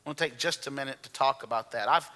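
A man's voice: medium pitch, fast, bright, forceful tone. A man, preaching a sermon in an earnest, emphatic way and stressing key words. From Alabama, US. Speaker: pastor. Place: church sanctuary. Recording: long reverb of a church hall.

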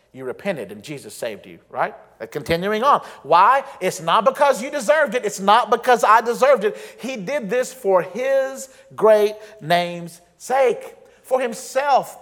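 A man preaching a sermon as pastor, earnest and emphatic, slowing down to stress key phrases. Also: high-pitched. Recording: long reverb of a large hall.

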